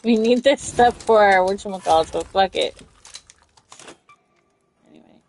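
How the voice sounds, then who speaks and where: A woman streaming a game, chatting casually, swearing and yelling for help in bursts. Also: medium pitch, moderate pace, a little hiss or hum, low-quality recording. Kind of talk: casual gameplay commentary.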